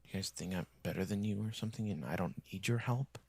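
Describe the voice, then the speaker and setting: A male streamer rants in a rambling, resentful monologue, his voice low and gravelly. He often slips into a husky whisper, close to the mic in a dry room. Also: quick pace, darkish tone, no room sound. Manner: bitter, complaining, often drops to a whisper.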